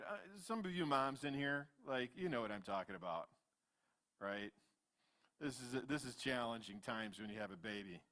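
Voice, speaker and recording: A man in his fifties, a pastor preaching a sermon in church, swinging between loud animated retellings and quiet asides. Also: mid-range voice, moderate pace. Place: church sanctuary.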